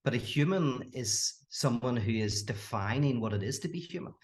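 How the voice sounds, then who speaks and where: A man talking in a casual podcast conversation as a philosopher guest, animated, often laughing and restarting his sentences. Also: mid-range voice, normal speed.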